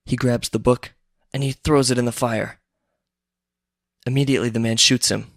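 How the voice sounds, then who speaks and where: Brief: man reading a screenplay, offhand narration, gravelly low-textured voice, dry close sound. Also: flat delivery, moderate pace, fairly bright tone, no room sound. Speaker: reader. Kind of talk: casual screenplay reading with asides.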